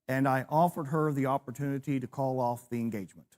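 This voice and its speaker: A man's voice: medium pitch, steady tone, quick pace, darkish tone. A man in his sixties, a preacher, teaching a church class, telling a personal story with self-deprecating humor.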